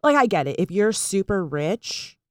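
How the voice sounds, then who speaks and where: A woman's voice: mid-range voice, sing-song, normal speed, dry recording, clean studio sound. A woman chatting casually and animatedly about politics, sarcastic and full of fillers.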